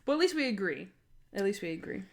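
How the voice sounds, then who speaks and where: A young woman co-hosting a podcast in casual chat, animated and acting out scenes in quoted voices. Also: mid-range voice, fast, creaky. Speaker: podcast co-host.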